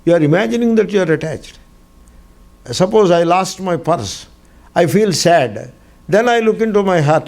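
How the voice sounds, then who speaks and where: A man with an Indian English accent gives a scriptural class, telling his stories with frequent chuckles. He drives his points home by repeating short phrases, and his voice sits a little high for a man. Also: animated, normal speed, vocal fry, a little mellow. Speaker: spiritual teacher.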